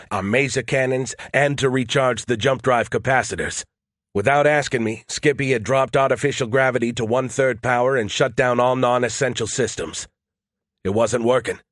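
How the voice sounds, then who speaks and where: Male audiobook narrator, first person, steady and tense, dry recording. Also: mid-range voice, dry recording.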